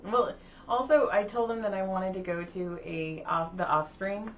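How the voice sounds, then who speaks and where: A woman's voice: medium pitch, fairly even intonation, normal speed. A woman hosting a casual podcast, telling chatty stories and laughing often. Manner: giggly, chatty storyteller. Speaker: podcast host. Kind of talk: casual chat. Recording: slightly dull audio with faint hiss.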